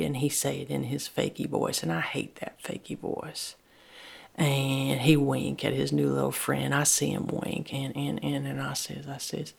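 Woman, gravelly voice, first-person dialect monologue, halting restarts. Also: rumbling low, steady tone. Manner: plain-spoken, repetitive, halting restarts. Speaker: storyteller.

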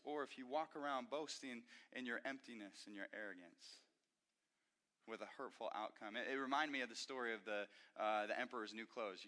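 A male pastor preaching a sermon in an animated, emphatic way, often restarting his phrases. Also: mid-range voice. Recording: echoey hall reverb.

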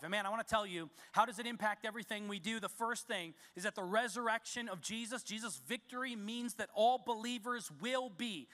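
A man's voice: high voice, fairly quick, pushed and bright, big-room sound. A male pastor preaching a sermon in a church, emphatic and repeating key words for stress. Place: church sanctuary.

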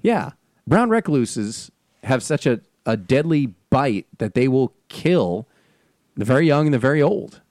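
A man co-hosting a casual chat, animated and laughing often, talking fast. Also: medium pitch, no room sound, clean studio sound. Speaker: podcast co-host. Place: Los Angeles area.

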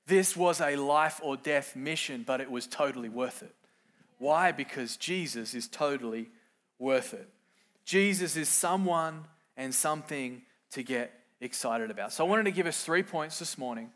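A middle-aged man preaching a sermon, moving from quiet, reflective lines to loud, emphatic ones and acting out quoted voices. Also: on the high side. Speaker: pastor.

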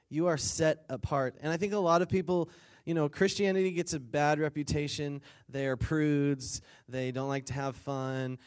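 A man's voice: a little high, steady tone, moderate pace, few pauses, clean tone. A man delivers a conversational sermon to a retreat crowd. He reads scripture, then retells it in his own casual words, playing out the people in the story. He laughs along and gets the listeners to say lines back to him. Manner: conversational, acts out quotes, asks the crowd for responses. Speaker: speaker at a weekend retreat.

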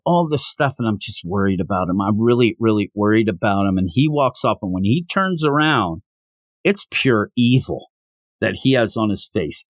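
A man hosting a podcast, recapping a manga chapter in an animated, enthusiastic way. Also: mid-range voice, no room sound. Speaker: podcast host.

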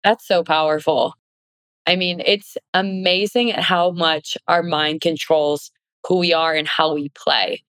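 A woman's voice: deep voice, steady tone, a little slow, fairly bright tone, smooth, no room sound. A woman hosting a podcast interview, affirming and drawing out her guest in a casual tone. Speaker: podcast host.

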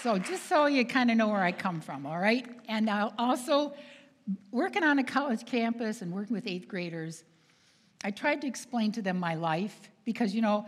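Lively woman telling stories in a hall. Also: medium pitch, normal speed. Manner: animated, acts out quoted voices, laughs often. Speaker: speaker at a retreat. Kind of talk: storytelling talk to an audience. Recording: long hall reverb.

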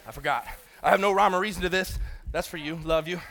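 Man, pastor, thirties, fairly high voice, casual joking sermon, church auditorium. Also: fast talker, gravelly, a bit bright, slight background noise. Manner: casual and joking, talks to the congregation directly.

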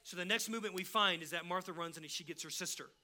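High, sharp-voiced male preacher. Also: fast talker. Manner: casual, emphatic preaching that acts out the people he quotes. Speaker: pastor. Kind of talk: sermon.

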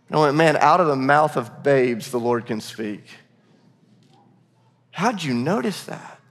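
Guy pastor preaching, earnest, kinda high voice, echo of a big church hall. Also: lively intonation, moderate pace, long pauses. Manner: earnest, repeats words, varies pace for emphasis. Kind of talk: sermon. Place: church sanctuary. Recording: long reverb of a large hall.

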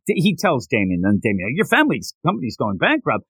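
A man hosting a podcast, casually recapping a manga chapter and acting out the characters' lines in quick voices. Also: mid-range voice, huge pitch swings, fairly bright tone, husky, no room sound. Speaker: podcast host.

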